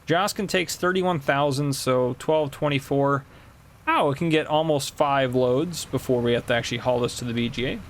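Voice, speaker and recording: A man hosting a farming game video, chatting casually and thinking out loud as he does sums and plans his next moves. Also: mid-range voice, normal speed, slight background noise. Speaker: gameplay video host. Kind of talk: casual gameplay commentary.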